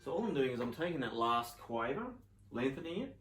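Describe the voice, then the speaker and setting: A man's voice: mid-range voice, fast talker. Man teaching piano in a roomy space. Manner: casual, with fillers and sung rhythm syllables. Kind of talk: relaxed spoken piano tutorial. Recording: roomy sound with loud piano. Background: piano playing.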